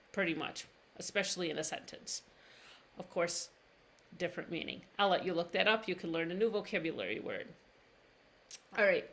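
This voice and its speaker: A woman teaching pronunciation in a live-streamed lesson, drawing words out slowly and breaking them into syllables. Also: fairly low pitch, a bit bright. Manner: slow, drawn-out demonstrations of words, syllable by syllable. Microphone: livestream camera mic.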